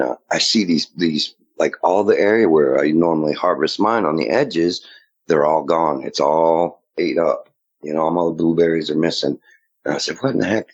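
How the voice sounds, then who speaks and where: A man's voice: rumbling low, slightly rough. A man casually telling a long story in a rambling way, often acting out what others said to him. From Maine. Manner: rambling, quotes others in dialogue. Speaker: guest recounting sightings. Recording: dull lo-fi audio.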